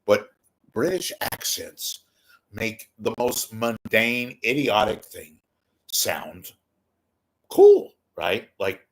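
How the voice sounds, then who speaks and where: A man talks straight into his webcam, hosting a loose, rambling livestream. His voice is on the low side, and he mocks himself and trips over repeated words as he goes. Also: animated, very slow. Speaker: livestream host. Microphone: webcam close to face.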